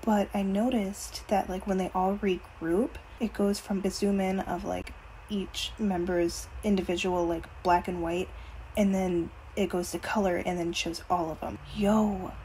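Mellow woman's casual voice-over. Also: medium pitch, steady tone, measured pace, slight background noise, rough recording. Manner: chatty, rambling with fillers. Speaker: reaction video host.

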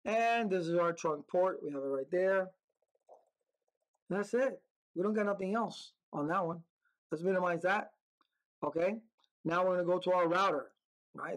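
A man's voice: high voice, fairly bright tone, rough recording. Man, networking tutor, casual, upbeat, talks through his typing. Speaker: networking instructor. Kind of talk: screen-recorded lab walkthrough.

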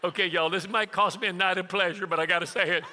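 A man's voice: sits high, fairly even intonation, fast talker, pushed and bright, slight background noise. A man in his sixties preaching a sermon as a pastor, telling humorous family stories and acting out conversations. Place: church sanctuary. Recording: long hall reverb.

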